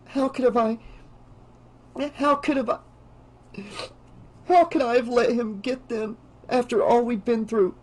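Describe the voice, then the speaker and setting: A man voicing a frightened, determined teenage girl in an audiobook, speaking with breathy, tearful urgency. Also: high-pitched, normal speed, mellow, voice pushed up, lightly acted, poor audio. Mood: distraught.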